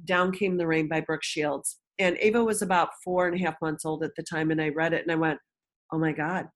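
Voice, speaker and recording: A woman's voice: low voice, steady tone, a little fast. A woman guest in an interview, frankly telling a personal story and acting out the voices of people she quotes.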